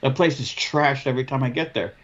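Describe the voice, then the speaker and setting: A man's voice: medium pitch, brisk, a bit bright. Man in casual chat, lo-fi audio. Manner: casual, agreeable. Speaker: podcast guest. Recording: dull lo-fi audio.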